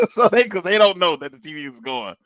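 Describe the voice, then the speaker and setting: A man on a podcast telling a long story in a casual, animated way, swearing and laughing as he goes. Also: sits high, brisk, slight background noise. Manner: animated, profane, laughs through his story. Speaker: podcast co-host.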